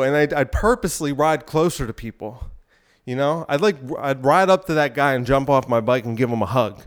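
A man's voice: mid-range voice, lively intonation, moderate pace. Breathless man rambling on his podcast. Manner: rambling, provocative, irreverent. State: out of breath while exercising. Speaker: podcast host. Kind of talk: solo podcast monologue.

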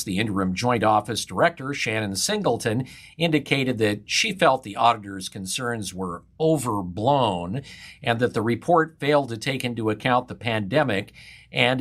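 A man reading a local news report in a steady, matter-of-fact way. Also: medium pitch. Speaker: news reader.

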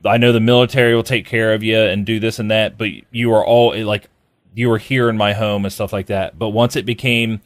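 A man's voice: lowish voice, flat delivery, brisk, no room sound, studio quality. A man hosting a casual podcast, talking loosely with lots of fillers and restarts. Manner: rambling, many fillers and restarts. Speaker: podcast host. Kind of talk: casual chat.

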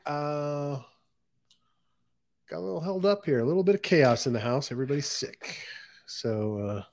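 A man's voice: a little high, normal speed, creaky, a little mellow. A man hosting a casual livestream on his own, thinking aloud in a rambling, distracted way with lots of fillers. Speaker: crypto livestream host. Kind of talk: casual solo livestream chat.

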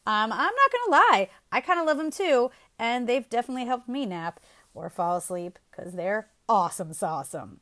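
A woman's voice: on the high side, sing-song, moderate pace, a bit bright. A woman hosting a casual parenting advice show, chatty and upbeat, often laughing as she talks. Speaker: host.

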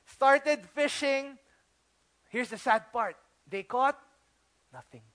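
Man, pastor, Filipino accent, very high voice, animated storytelling sermon, slips into Tagalog. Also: slow, pauses often. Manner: animated storytelling, acting out quotes; mixes English with Tagalog phrases.

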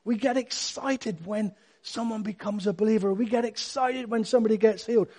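Casting: middle-aged male preacher, light high voice, emphatic bursts. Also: a little fast. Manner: emphatic, animated preaching with sudden loud bursts. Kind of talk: sermon.

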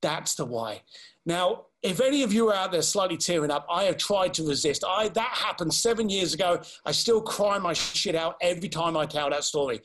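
A man telling a story in an animated way and acting out the people he quotes. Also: high voice, normal speed. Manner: animated, acts out quoted voices. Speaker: speaker. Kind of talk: storytelling talk.

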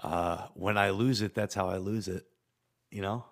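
A man talking as a patient in an improvised therapy session, rambling and halting, with frequent swearing. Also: low voice, steady tone, creaky.

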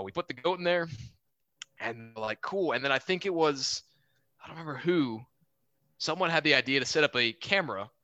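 A young man in his twenties, a podcast guest on a remote call, telling an animated story with casual swearing and acted-out quotes. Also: mid-range voice, no room sound. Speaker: podcast guest, Air Force officer.

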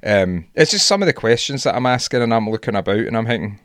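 A man's voice: mid-range voice, expressive, quick pace, a bit bright, no room sound, clean studio sound. A young Scottish man co-hosting a podcast, ranting animatedly in casual sweary chat. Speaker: podcast co-host.

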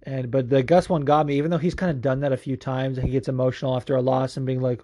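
Mellow-voiced man, excitable podcast host. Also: medium pitch, fast, few pauses. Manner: swears freely, excitable storytelling. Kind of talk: casual podcast chat. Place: at home.

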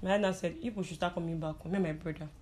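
A woman's voice: lowish voice, steady tone, rapid-fire, a little mellow. A young Nigerian woman telling stories in a casual chat. She mixes in pidgin and laughs often. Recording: crowd chatter in the background.

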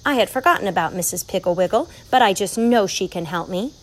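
A woman's voice: mid-range voice, lively intonation, quick pace, close to an everyday voice, low-quality recording. A woman voicing a fussy, worried housewife and mother in a storybook reading, prim and exasperated.

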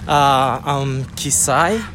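A man's voice: medium pitch, very slow, fairly bright tone, a little hiss or hum. A man in his twenties from the South Pacific, a hesitant, jokey podcast guest. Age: 20s. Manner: hesitant, jokey, many ums. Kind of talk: casual chat.

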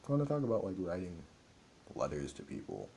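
A man's voice: low-pitched, wildly swooping pitch, fairly quick, creaky, warm tone, a little hiss or hum. A young man hosting a podcast, talking alone in an earnest, rambling, reflective way with many filler words. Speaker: podcast host. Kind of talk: reflective solo podcast monologue.

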